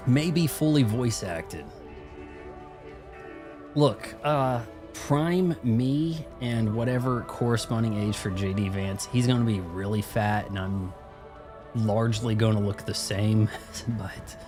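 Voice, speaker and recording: Music plays behind a young man whose fairly low voice moves slowly. He's streaming a video game live, talking to viewers in a loose, rambling style and making fun of himself.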